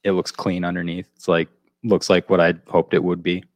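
Man, podcast co-host, casual rambling story, very deep voice, dry close sound. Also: little pitch movement, a little fast, dry recording. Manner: rambling storyteller, loops back with "so anyway". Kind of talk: casual chat.

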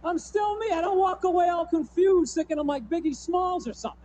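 High-voiced, rambling stand-up comic man. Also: lively intonation, a little fast, darkish tone, highs cut off, a little hiss or hum. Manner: loose, rambling delivery full of "you know" and "man". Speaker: stand-up comedian. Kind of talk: stand-up routine.

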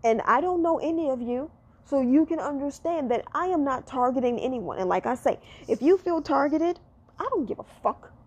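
A woman's voice: high-pitched, expressive, moderate pace, a little mellow. A woman giving a blunt, profane rant, often repeating herself for emphasis.

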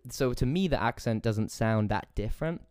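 Young man, English accent, casual podcast chat, smooth resonant voice, dry close sound. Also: medium pitch, expressive, moderate pace, darkish tone, no echo. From England. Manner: casual, swears freely, laughs easily. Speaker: podcast host.

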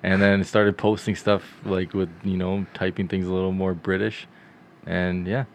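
A man's voice: deep voice, level tone, normal speed, a little hiss or hum. A man co-hosting a movie podcast, chatty and telling anecdotes. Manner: chatty storyteller. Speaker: podcast co-host.

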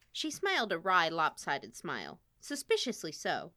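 Lady reading a story out loud, kinda low voice, really lively up and down. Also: normal speed, hardly any pauses, no room sound, clean studio sound. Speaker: story narrator. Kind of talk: audiobook narration.

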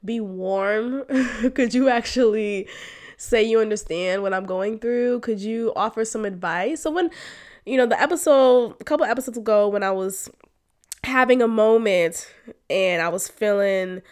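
A woman hosting a podcast, telling a personal story in a frank, emotional way, with slang and sudden loud outbursts. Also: a little high, a little slow. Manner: emotional, animated, swings to loud exclamations; frank, uses slang and swearing. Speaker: podcast host.

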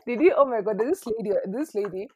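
Fast-talking young woman podcast co-host, husky. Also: fairly high pitch, dry recording. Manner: fast talker, animated storytelling. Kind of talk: casual chat.

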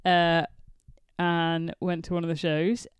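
Brief: female podcast co-host from England, giggly and eager, smooth clear voice, dry close recording. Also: lowish voice, level tone, takes it slowly, no echo. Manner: giggly, enthusiastic storyteller. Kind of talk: casual chat.

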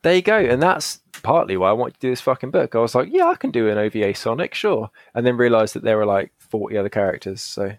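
A man's voice: medium pitch, animated, fast, hardly any pauses, no room sound. A man hosting a comedy podcast who reads from a gamebook, swears casually and laughs a lot. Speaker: podcast host.

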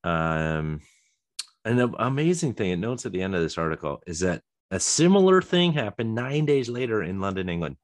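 A man's voice: fairly low pitch, big pitch swings, moderate pace, no echo. A man hosting a podcast alone, rambling casually with chuckles, many ums and restarts. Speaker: podcast host. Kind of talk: casual solo chat.

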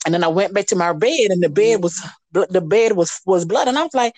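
Woman radio guest, lively candid storyteller, dry close studio mic. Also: medium pitch, brisk, no room sound. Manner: lively, animated, acts out quoted voices.

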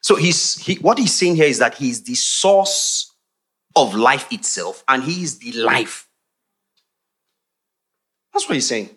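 A middle-aged man with a Nigerian accent preaching a sermon in an animated, teasing way with frequent laughs. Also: mid-range voice, slow, long pauses. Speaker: pastor.

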